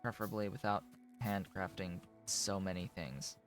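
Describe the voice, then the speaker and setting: A man's voice: moderate pace, over music. A man streaming a game from home, thinking aloud in a rambling way and correcting himself as he talks. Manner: rambling, self-correcting, coos at his cat in a high voice. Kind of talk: casual live-stream commentary. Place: home room with a green screen. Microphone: desk microphone.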